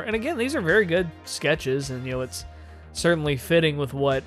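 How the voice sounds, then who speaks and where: A man's voice: fairly high pitch, big pitch swings, brisk, a bit bright. Opinionated man reviewing casually. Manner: opinionated, rambling. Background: faint music.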